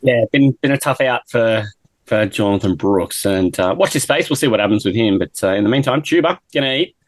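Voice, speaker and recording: A man's voice: medium pitch, lively intonation, a little fast, no room sound. An Australian man co-hosting a sports podcast, bantering with jokes and profanity. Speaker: podcast co-host. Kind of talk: casual sports chat.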